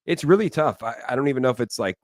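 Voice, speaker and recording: Fast-talking man, emphatic casual host. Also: medium pitch, lively intonation, no room sound, clean studio sound. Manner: emphatic, repeats words for stress. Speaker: crypto show host. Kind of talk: casual podcast chat.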